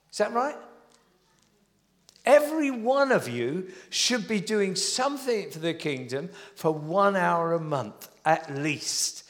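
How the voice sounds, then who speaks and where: A man's voice: sits high, big-room sound. A man, preaching a sermon in a conversational, storytelling manner with many small restarts. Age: 70s.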